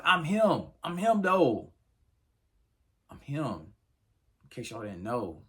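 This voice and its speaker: A man casually recapping a TV episode, acting out the characters' lines and leaning on fillers like "you know" and "right". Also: on the low side. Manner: animated, acts out characters' lines in quotes.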